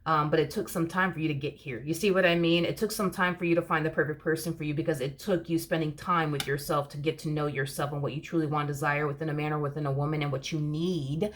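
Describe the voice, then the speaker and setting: A woman with a notably low-pitched voice talks through a tarot reading in a loose, conversational way. She rambles, circles back on her points and leans on fillers as she goes. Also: fairly even intonation, quick pace, few pauses. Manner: chatty, rambling, many fillers and "you know". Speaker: tarot reader. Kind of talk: casual tarot reading monologue.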